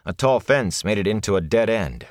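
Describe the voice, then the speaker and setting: A man narrating a fantasy story in an expressive, dramatic reading. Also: on the low side, normal speed, no room sound, studio quality. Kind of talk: scripted audiobook narration.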